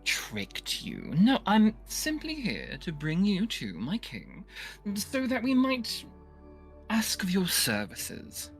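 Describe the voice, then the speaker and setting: A woman plays a sly fae steward who gushes flowery compliments and pet names. The voice swoops up and down with lively pitch, and faint music plays underneath. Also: slow, full character voice. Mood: flattering.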